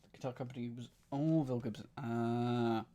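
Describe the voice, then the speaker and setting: A man's voice: medium pitch, steady tone, moderate pace, warm tone. A man streaming himself solving a cryptic crossword, reading clues aloud and musing over the wordplay. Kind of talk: thinking aloud while solving.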